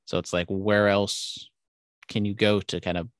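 A man's voice: lowish voice, little pitch movement, measured pace, smooth, dry recording, clean studio sound. A young man co-hosting a casual podcast, rambling through sports opinions and teasing his co-host. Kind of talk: casual chat.

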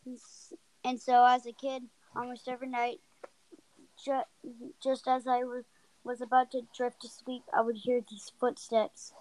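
A woman with a high voice co-hosts a casual podcast. She talks haltingly, with plenty of fillers and asides, even while she reads out a spooky story. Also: poor audio. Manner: halting, full of fillers and giggles, chatty asides. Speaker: podcast co-host.

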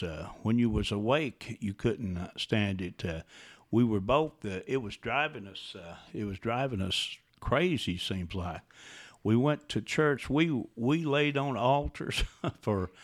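Man, interview guest, low-ish voice, halting delivery with many pauses. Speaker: interview guest, grieving father. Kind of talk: casual interview, recounting personal loss.

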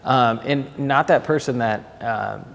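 A man's voice: mid-range voice, a little slow, vocal fry, crowd noise. A young man with a Minnesotan accent, chatting casually as a podcast guest and rambling through restarts. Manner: rambling, with many restarts and fillers. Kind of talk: casual conversation. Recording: reverberant room with faint ambient noise.

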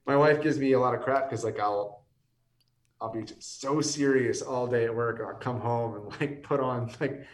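A man's voice: mid-range voice, moderate pace, far from the mic. A tired man in his thirties chats on a podcast, rambling and restarting his sentences as his voice wears thin. He sits a bit back from the mic in a roomy space that gives his voice an echo. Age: 30s. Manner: chatty, rambling with many restarts and fillers. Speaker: whiskey company guest. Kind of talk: casual podcast conversation.

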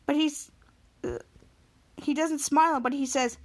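A young woman in her twenties hosts a podcast and retells a show scene by scene. She talks casually and rambles, often restarting her sentences, with a voice pitched high for a woman. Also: fairly even intonation, moderate pace. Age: 20s. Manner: rambling, with many restarts and "he's like". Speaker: podcast host. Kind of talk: casual episode recap.

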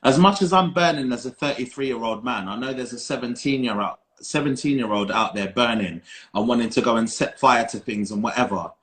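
A man's voice: mid-range voice, a little fast, a bit bright. A man, co-hosting a podcast and talking earnestly, repeating key phrases for emphasis. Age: 30s. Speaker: podcast co-host. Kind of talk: casual chat.

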